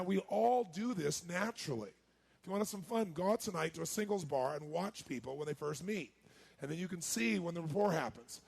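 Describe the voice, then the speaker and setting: A man giving a live seminar talk as a motivational speaker, energetic and quizzing his audience. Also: a little high. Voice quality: raspy, gravelly.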